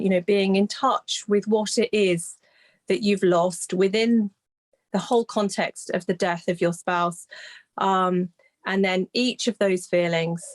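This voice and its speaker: A woman in an interview gently explaining her grief recovery work, with a soft, reflective manner and frequent pauses and restarts. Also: fairly low pitch.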